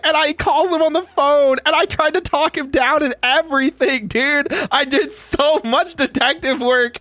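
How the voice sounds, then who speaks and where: A man's voice: very high-pitched, bright, forceful tone, no echo. A man chatting casually on a livestream, ranting with lots of swearing and frequent laughter. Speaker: streamer.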